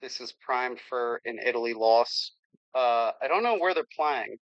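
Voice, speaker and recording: A man of middle pitch co-hosting a relaxed sports podcast, talking in quick bursts and laughing easily. His voice comes through dry but slightly muffled and dull. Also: no room sound. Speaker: podcast co-host. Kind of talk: casual podcast chat.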